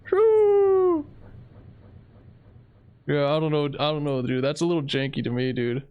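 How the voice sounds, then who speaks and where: Talking fast with a smooth, medium-pitched voice and fairly even intonation, this young man casually rambles over his own gameplay and keeps saying "dude." The sound is phone-quality, with game music playing faintly behind.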